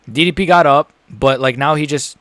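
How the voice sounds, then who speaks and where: A young man streaming a live fight reaction, excitable, swearing and repeating himself as he swings from groaning despair to shouting. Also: on the high side, normal speed, no echo.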